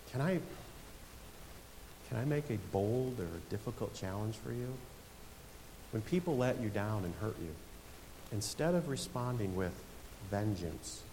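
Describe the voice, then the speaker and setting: Preaching man in a reverberant church. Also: fairly low pitch. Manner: storytelling, builds to emphatic preaching. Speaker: pastor. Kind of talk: sermon. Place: church sanctuary. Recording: long hall reverb with faint hiss.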